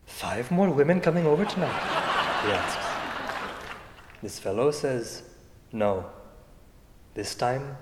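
A man putting on his older father's voice and accent to tell a joke in an amused, slow storytelling manner. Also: medium pitch, big pitch swings, heavy background noise, voice pushed down. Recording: echoey hall with faint ambience.

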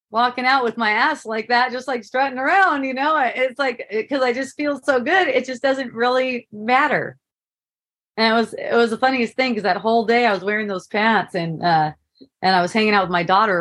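A woman's voice: medium pitch, fairly bright tone. A middle-aged woman telling a personal story in a casual spoken monologue, laughing often and asking "right?" to keep the listener with her.

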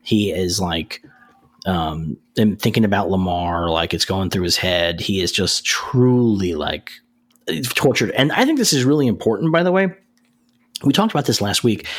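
Male podcast co-host, casual recap delivery, loose and filler-heavy. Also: on the low side. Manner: rambling, many fillers and restarts.

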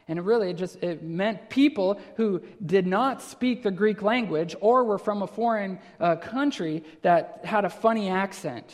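A man's voice: sits high, normal speed, few pauses, a little mellow. A man from Wisconsin with a Wisconsin accent, preaching an expository sermon; he explains patiently, repeats phrases and builds to emphatic lists. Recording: long reverb of a large hall.

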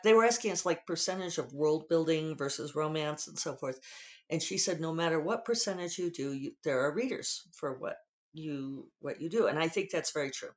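A frank podcast host talking casually with a Western US drawl. The voice sits at a middle pitch and wanders from point to point, dropping profanity without hesitation. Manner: candid, digressive, freely profane.

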